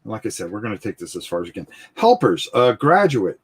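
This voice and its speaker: A man with a husky, slightly rough voice talks through a board game at his table. He hosts a live stream, explains the rules in a loose, chatty way and thinks aloud as he goes. He keeps saying "all right" and often repeats words. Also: on the low side, sing-song, fast. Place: indoors at a gaming table, filmed from overhead.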